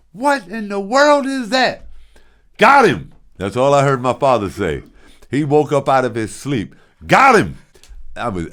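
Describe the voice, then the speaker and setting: Animated older man telling a story, low voice. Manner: animated, big swings in loudness, frequent restarts. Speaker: show host. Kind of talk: casual storytelling.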